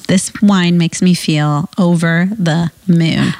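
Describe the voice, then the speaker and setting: A woman with a fairly low voice, co-hosting a podcast and chatting about her work as a nurse. She tells her stories in an animated, chatty way and laughs often. The recording is close and dry, with no room sound. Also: takes it slowly, no echo. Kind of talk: casual chat and storytelling.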